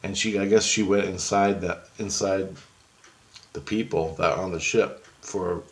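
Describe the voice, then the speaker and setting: A man vlogging a casual, rambling story, excitedly quoting both sides of a conversation. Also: deep voice, measured pace. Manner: rambling, excitable, keeps quoting back and forth.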